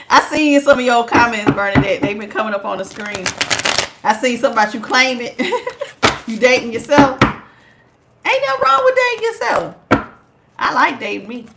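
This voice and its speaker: A woman with a slightly high voice runs a live tarot reading. She talks straight to her viewers with teasing asides and frequent laughs, and calls them child and honey along the way. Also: normal speed, very noisy. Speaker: tarot reader.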